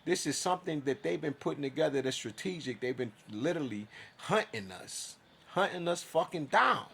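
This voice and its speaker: A man's voice: fairly high pitch, animated, moderate pace, gravelly, fairly bright tone, slightly rough. A man telling his own story in a casual, profane monologue, acting out his side of conversations.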